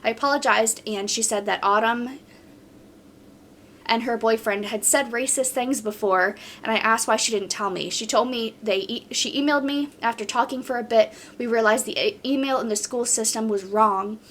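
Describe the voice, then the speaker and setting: A woman's voice: fairly high pitch, moderate pace, a bit bright, slight background noise. A woman hosting a podcast in casual chat, reading posts aloud and reacting bluntly.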